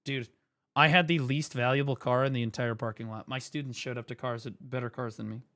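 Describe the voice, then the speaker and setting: A man, a former teacher, chatting casually on stream and telling stories, profane and animated. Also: mid-range voice, a little fast. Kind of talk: casual stream chat and storytelling.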